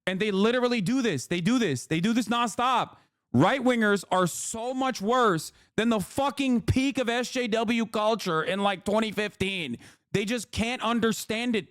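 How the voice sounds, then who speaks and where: A man's voice: high-pitched, normal speed, fairly bright tone, no echo, studio quality. A man ranting on a livestream, profane and exasperated, repeating himself as he builds up. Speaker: streamer. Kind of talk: livestream commentary rant.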